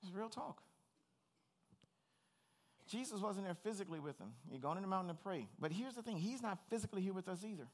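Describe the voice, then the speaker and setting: A man's voice: high voice, expressive, fairly quick, pauses often. A middle-aged man preaching a sermon as pastor, earnest, personal and plain-spoken.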